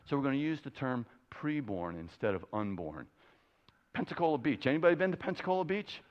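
A man's voice: mid-range voice, sing-song, brisk, muffled recording. A middle-aged man from Florida, giving a passionate, emphatic sermon full of rhetorical questions as a guest speaker. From Florida, USA.

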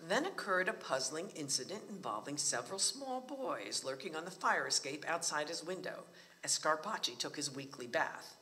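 A man reading a novel aloud at a library book talk, with a measured storytelling cadence. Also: on the high side, big pitch swings, pushed and bright, in a large hall.

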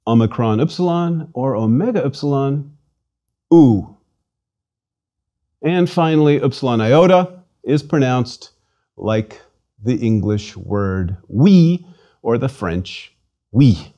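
A man leads a scripted pronunciation lesson at an unhurried pace. His voice is dark and mellow, and he works patiently through each word, repeating it for the listener to drill. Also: medium pitch, lively intonation, muffled recording. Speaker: language lecturer. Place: studio.

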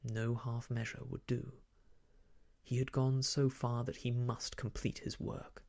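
A man reading an old novel aloud as soft ASMR narration, hushed and half-whispered, close to the microphone. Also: mid-range voice, little pitch movement, measured pace, creaky. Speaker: storyteller.

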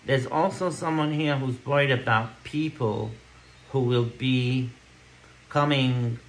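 A man's voice: mid-range voice, takes it slowly, low-quality recording. A man giving a tarot card reading to camera, reassuring, checking in with "okay?" and "yeah?" between thoughts. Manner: reassuring, repeats "okay?" often. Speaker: tarot reader.

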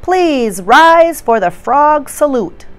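A woman's voice: high voice, very animated, takes it slowly, soft background music, pitched above the performer's own voice, full character voice. A woman reading a children's storybook aloud, voicing a silly female schoolteacher who mixes up her words with cheerful announcements.

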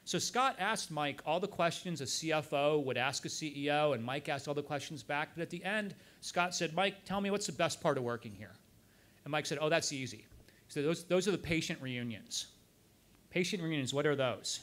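Male guest speaker, slightly higher voice, anecdotal storyteller at a club event. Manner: anecdotal, quoting others in lively asides. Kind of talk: storytelling talk.

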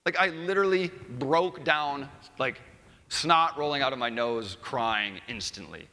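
Guy telling a story on stage, swears a ton, says like constantly, bright tense voice, echoey hall. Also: mid-range voice, a little slow. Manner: profane, rambling with many "like"s. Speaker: conference speaker. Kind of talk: casual storytelling talk. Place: large conference hall with a live audience. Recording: reverberant hall sound.

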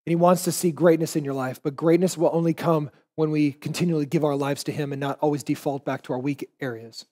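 High-voiced pastor preaching a sermon. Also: male voice, quick pace, hardly any pauses. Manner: animated storytelling, acts out quoted voices.

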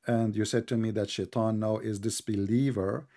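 A man with an Arabic accent hosting a heated online debate, mocking and interrupting, speaking slowly and deliberately. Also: lowish voice, flat delivery, warm tone. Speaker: debate host.

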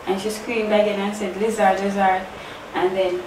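An actress with a Jamaican accent playing an accused wife, defensive and insistent. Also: female voice, mid-range voice, little pitch movement, moderate pace, natural voice. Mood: anxious. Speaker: actor. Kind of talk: low-budget film acting. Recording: distant, echoey room, faint hiss.

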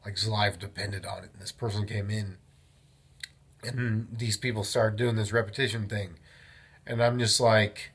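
Rambling husky young man vlogging. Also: lowish voice, a little slow, long pauses. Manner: rambling, animated storytelling with self-interruptions. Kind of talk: casual vlog monologue.

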